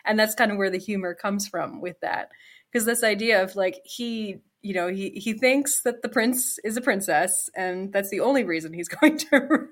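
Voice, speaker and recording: A woman's voice: mid-range voice, normal speed. A woman co-hosting a podcast, talking through a film in a thoughtful, casual way with many "you know"s. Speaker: podcast co-host.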